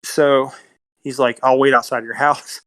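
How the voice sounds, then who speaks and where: A man's voice: mid-range voice, flat delivery, measured pace, fairly bright tone. A man co-hosting a podcast, casually retelling a film plot with lots of fillers and quoted dialogue. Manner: rambling retelling with many fillers and quoted lines. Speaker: podcast co-host.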